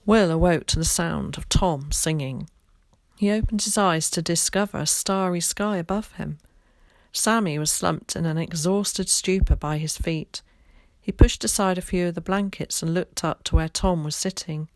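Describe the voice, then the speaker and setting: A woman teacher reading a children's novel aloud, clear and expressive. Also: on the low side, normal speed, no echo.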